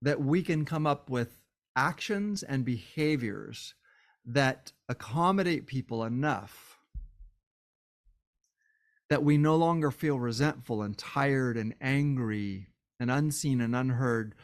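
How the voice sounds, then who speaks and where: Give me a tired male podcaster speaking with passion, at a middling pitch. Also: measured pace. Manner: impassioned, repeats phrases for emphasis. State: tired and worn down. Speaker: podcast host. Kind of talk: solo podcast monologue.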